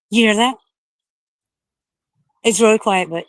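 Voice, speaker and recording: A woman's voice: mid-range voice, brisk, dry recording. Woman streamer outdoors at night, breathless and scared, curses freely, dry close sound. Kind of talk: casual livestream chat.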